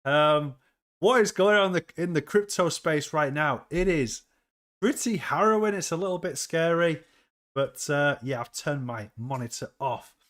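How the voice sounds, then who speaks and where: A slightly high-voiced man hosting a relaxed crypto livestream. He talks in an upbeat, rambling way, reacting to the market and reading out chat messages as he goes. His delivery is loose and conversational. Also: moderate pace. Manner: upbeat, chatty, reads chat aloud.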